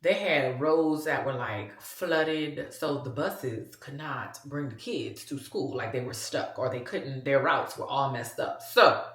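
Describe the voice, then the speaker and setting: Low-voiced chatty Louisiana woman. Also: slow pace, hardly any pauses, reverberant. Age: 40s. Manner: chatty, talks straight to viewers as "y'all". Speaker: vlogger. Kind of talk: casual vlog chat.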